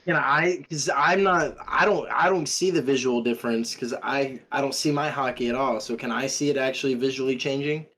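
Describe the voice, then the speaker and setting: A man's voice: mid-range voice, steady tone, a little fast, few pauses, a bit bright, low-quality recording. A man playing a tabletop game, talking hesitantly with frequent restarts. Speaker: player.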